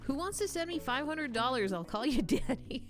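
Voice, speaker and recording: A woman streams a game over music, her high-pitched voice lively in intonation and moderate in pace. Chatting casually, she talks to both her viewers and the game, laughing often and poking fun at herself.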